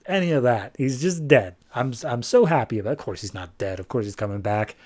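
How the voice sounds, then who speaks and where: A man hosting a podcast, giving a casual, animated and wry recap of a comic book issue. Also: medium pitch. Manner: animated, wry, jumps into quick character voices. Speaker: podcast host reviewing comics.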